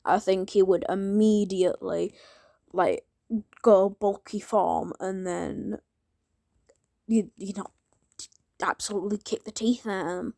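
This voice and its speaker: A woman rambling through a fan theory in a casual monologue, often restarting her sentences and sometimes whispering asides. Her voice has a gravelly fry, and the recording is dry and close. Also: medium pitch, steady tone, a little slow, pauses often, mellow, no echo. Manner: rambling, self-interrupting, drops into whispers. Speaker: fan theorizing about a crossover.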